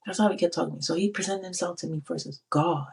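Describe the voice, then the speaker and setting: Low husky-voiced woman sharing testimony. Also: racing, darkish tone. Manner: emphatic, repeats phrases, quotes God in her own voice. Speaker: faith speaker. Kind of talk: personal testimony.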